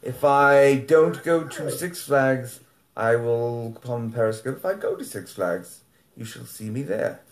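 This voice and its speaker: Man streaming from his home studio, lively pitch, blunt and ranting, swears freely. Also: measured pace, roomy sound. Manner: animated, swings into high sing-song when talking to his dog. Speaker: live-stream host. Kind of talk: casual live-stream monologue.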